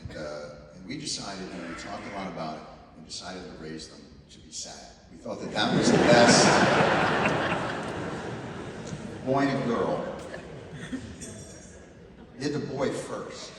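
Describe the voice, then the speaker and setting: A man's voice: sits low, slow, long pauses, noisy background. Middle-aged guy doing stand-up, bouncy voice, big echoey hall, heard from far off. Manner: animated, jumps into quoted voices. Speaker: stand-up comedian. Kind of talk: stand-up comedy set. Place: large hall before a live audience. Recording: roomy hall sound from far off.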